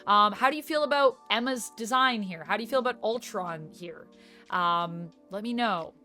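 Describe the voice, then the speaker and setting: A woman's voice: medium pitch, normal speed, bright, forceful tone, soft background music. A woman YouTuber chatting casually in a reaction vlog, gushing as a self-described fan.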